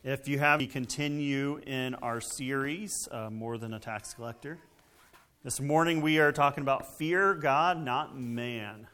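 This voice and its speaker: A man's voice: mid-range voice, a little slow, sharp tone. A man preaching a sermon in a conversational way, with fillers and frequent check-ins with the congregation. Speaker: pastor.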